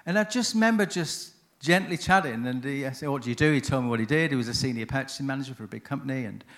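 A man's voice: mid-range voice, quick pace. Chatty man telling a story. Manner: chatty, self-interrupting, anecdotal. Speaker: seminar speaker on chaplaincy. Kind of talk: conference talk with storytelling.

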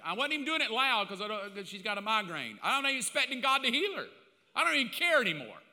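Older man, pastor, high voice, very bright and forceful, confessional storytelling sermon, long hall echo. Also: sing-song, fast. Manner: confessional, self-mocking, swings between loud and hushed.

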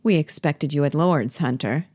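Prim gentle schoolmaster in a play, woman reading, formal and precise, dry sound. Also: sits low, moderate pace, slightly rough, dry recording. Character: middle-aged schoolmaster, prim, gentle, complacent.

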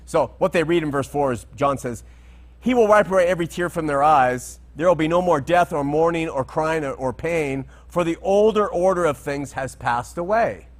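A man with a somewhat high voice teaches through Bible verses in an unscripted way. He talks conversationally, wanders off into asides and checks in with his listeners to see if they follow. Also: moderate pace.

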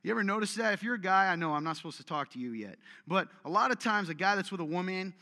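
Male pastor, slightly high voice, chatty sermon delivery, long reverb of a church hall. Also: expressive, quick pace, bright, forceful tone. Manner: conversational, acts out quoted voices, jokes with the audience.

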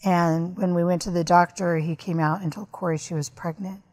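A woman's voice: lowish voice, steady tone, moderate pace, darkish tone. A woman guest on a podcast, candidly and earnestly recounting a personal story.

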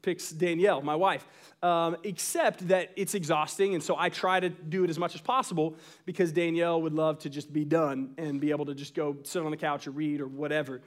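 Young pastor, tenor-high man preaching with animated storytelling. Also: fairly quick. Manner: storytelling with animated asides, acts out quotes. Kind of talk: sermon.

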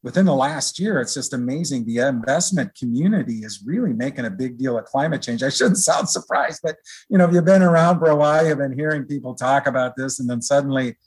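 Husky-voiced man explaining at ease. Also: mid-range voice, brisk. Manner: relaxed, rambling explanations with many fillers. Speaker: research director guest. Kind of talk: conversational interview.

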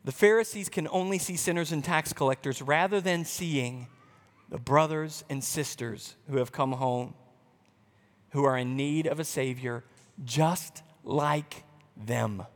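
A man's voice: fairly high pitch, unhurried, big-room sound. A man preaching a sermon as pastor in a church building, passionate and urgent, sometimes acting out a complaining believer.

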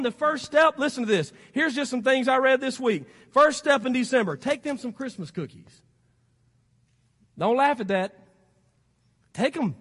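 A man's voice: extremely high pitch, a bit bright. A man preaching a sermon as pastor, with a Southern accent and a folksy, exhorting way of talking. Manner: folksy and exhorting, rising to emphatic peaks. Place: church sanctuary. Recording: long hall reverb.

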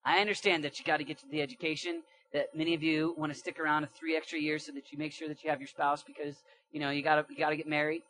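An animated young male preacher delivers a sermon with a bright, forceful edge to his voice. He reads scripture aloud and breaks into casual slang between verses. His delivery swings from quiet asides to loud, emphatic lines. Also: fairly high pitch, very fast, hardly any pauses. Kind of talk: sermon with Bible reading.

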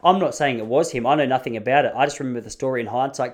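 An Australian man in his thirties rattles through personal stories at a brisk clip. His voice sits at an ordinary middle pitch. He rambles chattily, restarts his sentences and laughs between the stories. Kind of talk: casual storytelling monologue.

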